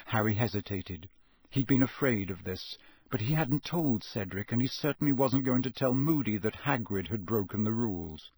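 A man reading an audiobook in a steady, even storytelling manner. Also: medium pitch, moderate pace, breathy edge, dry recording. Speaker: audiobook narrator. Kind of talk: scripted narration.

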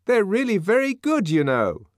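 A man's voice: high voice, wildly swooping pitch, unhurried, no room sound, clean studio sound, voice pushed up, heavily acted. A man voicing a nervous male sightseer in an audiobook, fawning and eager to placate. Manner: ingratiating, nervous.

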